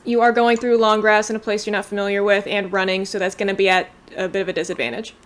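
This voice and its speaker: A woman's voice: medium pitch, little pitch movement, fast talker. A woman running a tabletop game as game master, describing the scene loosely and in detail over a home mic on a voice call.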